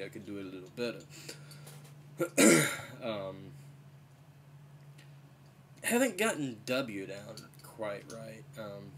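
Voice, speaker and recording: A man's voice: on the low side, expressive, slow, pauses often, a bit bright, slight background noise. Man with a cold, rambling chatty vlogger. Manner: rambling, full of "you know" and "uh". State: slight head cold. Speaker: vlogger and impressionist. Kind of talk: casual chat.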